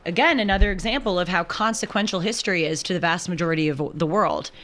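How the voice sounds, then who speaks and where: A woman hosting a talk show, telling a travel story in a lively, chatty way and acting out the people in it. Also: on the low side, fast. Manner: animated storyteller who acts out quoted voices. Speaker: show host. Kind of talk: casual chat.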